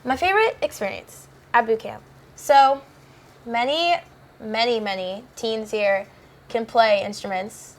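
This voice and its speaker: A woman's voice: on the high side, a little slow. A teenage girl who is a cast member of a musical, answering interview questions in a chatty, casual way full of fillers. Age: teens.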